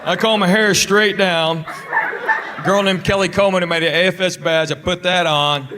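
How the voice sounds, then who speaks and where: A middle-aged man from Tennessee doing a stand-up comedy set, telling stories and acting out quick quotes from his family. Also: high voice, steady tone, crowd noise, noisy background. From Tennessee, USA. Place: theater stage before a live audience. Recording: live show with audience laughter. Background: audience laughter.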